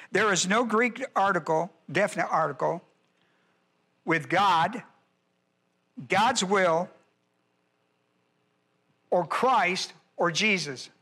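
High-voiced, bright male Bible teacher. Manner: emphatic, repeats key phrases, quizzes listeners. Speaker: pastor.

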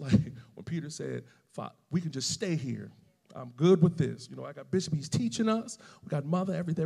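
Male pastor in his forties, gravelly and husky, animated storytelling sermon with long hall reverb. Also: on the high side. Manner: animated, builds to loud emphatic preaching.

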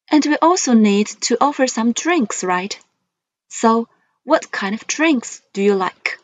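A woman English teacher, leading a classroom vocabulary drill, saying each word twice, slow and careful for pupils to repeat. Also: a little high, lively intonation, dry recording.

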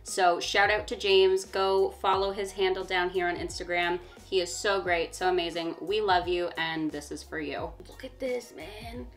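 A woman's voice: fairly low pitch, steady tone, moderate pace, few pauses, a bit bright, faint music behind. A young woman co-hosting a casual storytime vlog, talking in a chatty, emphatic way and laughing often. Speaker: vlog co-host.

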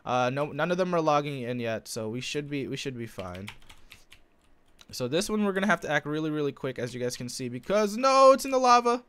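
A young man giving live commentary on his own gameplay, calm one moment and yelling with excitement the next. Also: on the high side, a little fast, slight background noise. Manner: excitable, swings between calm narration and shouting. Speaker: gaming video host.

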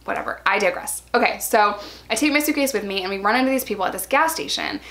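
A woman's voice: medium pitch, quick pace. A woman in her thirties telling a personal story in a casual, chatty way, full of "like" fillers and acting out what people said in a raised voice. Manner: animated, acts out quoted lines in a raised voice. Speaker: vlogger.

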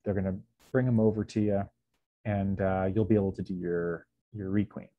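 Casual low-voiced man giving a lecture. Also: steady tone, normal speed, dry recording, narrow, tinny audio. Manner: casual, lots of ums, acts out dialogue. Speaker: beekeeping presenter. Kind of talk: slide lecture.

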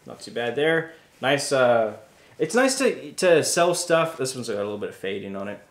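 A South African man co-hosts a reselling vlog, chatting casually in an upbeat, talkative way and laughing readily. His voice sits at a medium pitch with a sing-song lilt, and the sound is roomy.

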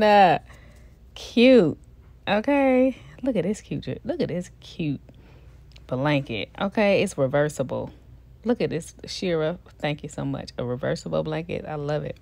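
A woman chatting excitedly to viewers as she unboxes a doll, gushing and repeating her praise, with features. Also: on the low side, gravelly. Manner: gushing, repeats herself, talks to viewers directly.

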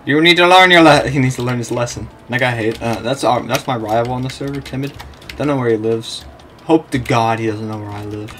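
A young man giving casual commentary over his own gameplay, excitable, laughing often and swearing freely. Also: medium pitch, a little fast, slight background noise. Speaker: gameplay video creator.

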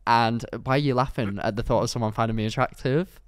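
A young man co-hosting a podcast, telling a story in a rambling, animated way, full of fillers and laughs. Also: medium pitch, quick pace, smooth, no room sound, studio quality. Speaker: podcast co-host. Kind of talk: casual storytelling chat.

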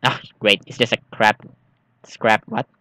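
Jumpy bright-voiced man playing a game. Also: fairly low pitch, little pitch movement, a little slow, smooth, no echo. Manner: jumpy, exclaiming, nervous chatter. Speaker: gaming streamer. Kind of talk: let's play commentary, reading game text aloud.

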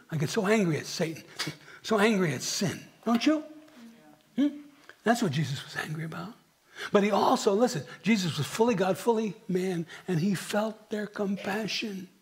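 Husky-voiced high-pitched preacher. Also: male voice. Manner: dramatic, dropping to near whispers and rising for emphasis; asks the congregation rhetorical questions. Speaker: pastor. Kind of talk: sermon. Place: church.

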